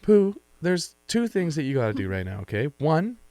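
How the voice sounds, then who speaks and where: A man's voice: very animated, normal speed, warm tone, no echo. A young man co-hosting a podcast in casual chat, playful and teasing as he tells stories. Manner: playful, teasing, swings in pitch. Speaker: podcast co-host.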